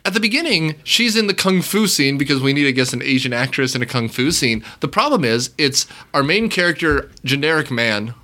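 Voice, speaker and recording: A man's voice: mid-range voice, expressive, brisk, hardly any pauses, sharp tone. A man hosting a casual movie-review podcast, rambling and sarcastic, with frequent restarts. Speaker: podcast host.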